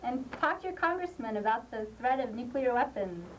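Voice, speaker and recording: An actor playing a sweet, earnest young amateur comedian. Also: female voice, fairly high pitch, animated, a little fast, recorded from a distance, a little hiss or hum, natural voice, poor audio.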